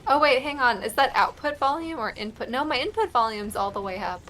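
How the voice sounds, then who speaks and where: Deadpan young woman on earbuds. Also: a little high, fairly quick, a little hiss or hum. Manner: dry, deadpan jokes. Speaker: co-host of a gameplay commentary. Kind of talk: casual chat. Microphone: wired earbuds on a voice call.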